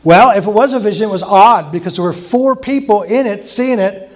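Male preacher, high voice, casual sermon style with laughing asides and repeated emphasis. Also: brisk. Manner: conversational, chuckling asides, emphatic repetition. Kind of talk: informal sermon teaching.

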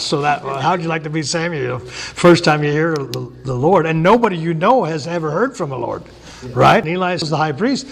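Folksy, higher-voiced man preaching a sermon. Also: vocal fry, husky. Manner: casual and folksy, acts out biblical characters in quick voices. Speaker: pastor.

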